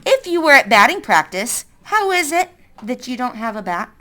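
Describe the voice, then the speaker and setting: A woman voicing a sharp, probing middle-aged woman with a wooden leg, questioning a boy sardonically in a read-aloud story. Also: a little high, big pitch swings, normal speed. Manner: sardonic, interrogating.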